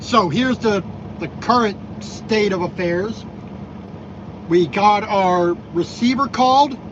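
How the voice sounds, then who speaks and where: A man from Minnesota vlogging from his truck cab, making wry, grumbling remarks about other drivers and his loads. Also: high voice. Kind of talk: casual vlog commentary while driving. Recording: dull lo-fi sound with loud road noise.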